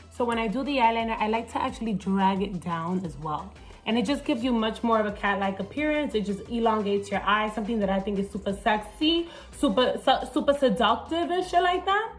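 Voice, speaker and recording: A woman's voice: fairly high pitch, a bit bright. Woman comedian, playful makeup-tutorial talker who swears freely and code-switches into Spanish, light music under. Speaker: comedian and TV host. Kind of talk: casual makeup tutorial chat.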